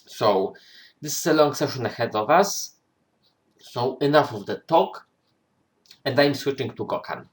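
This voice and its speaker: A man of medium pitch opens a webinar as its host. He speaks in a brisk, announcing manner, handing over to the guest speaker. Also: lively intonation. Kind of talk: webinar introduction.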